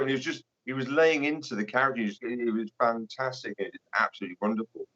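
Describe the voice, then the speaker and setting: A man chatting as a guest author on a podcast, measured and appreciative, often saying "you know". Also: medium pitch, pushed and bright, dull audio. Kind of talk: casual podcast chat.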